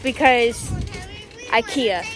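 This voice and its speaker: A woman's voice: on the high side, drawn-out words, crowd noise, noisy background. Chatty young-sounding woman vlogging on her phone. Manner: excitable, swears casually, playful. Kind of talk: casual vlog chatter to camera. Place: stores, streets and a theme-park district.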